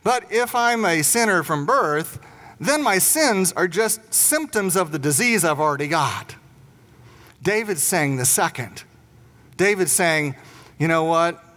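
Storytelling pastor, echoing hall. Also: male voice, sits high, very animated, measured pace, pushed and bright. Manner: storytelling, acts out quotes. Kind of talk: sermon. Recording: long hall reverb.

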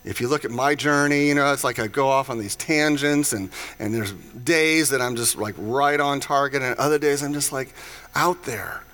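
Bright-voiced male pastor, casual storytelling. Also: medium pitch, normal speed. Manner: conversational storytelling with playful voiced asides. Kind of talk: casual sermon.

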